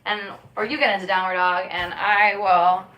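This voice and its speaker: A young woman teaching a voice lesson, giving calm, encouraging coaching with many casual fillers. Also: medium pitch, moderate pace, reverberant, slight background noise.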